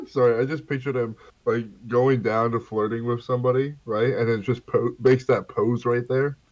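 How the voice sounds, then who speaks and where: A man's voice: medium pitch, darkish tone, lo-fi sound. A man rambling and thinking aloud in a casual let's-play chat while playing a game. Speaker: game player voicing characters.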